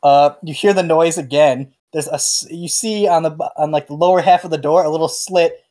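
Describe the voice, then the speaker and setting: A man narrating as game master of a tabletop game, halting and full of fillers. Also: on the high side, warm tone.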